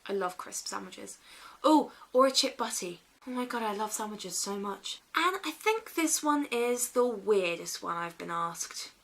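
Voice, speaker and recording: A woman vlogging casually, playful and silly, swinging between dry asides and excited bursts. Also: mid-range voice, measured pace. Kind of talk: casual vlog chat.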